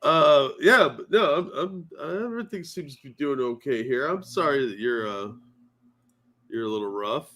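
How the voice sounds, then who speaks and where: Sleepy, bright-voiced man chatting on a stream. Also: mid-range voice, expressive, moderate pace. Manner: sleepy, self-deprecating, swears freely. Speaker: podcast co-host. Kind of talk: casual morning stream chat.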